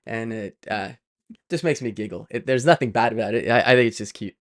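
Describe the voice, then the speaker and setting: A man talks through his coding work on a live stream in a loose, chatty way, full of "uh" and "like". He corrects himself mid-sentence and drifts off on playful tangents before getting back on track. His voice sits at an ordinary middle pitch for a man. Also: fairly quick. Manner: chatty, rambling, many fillers and self-corrections; playful, prone to side tangents.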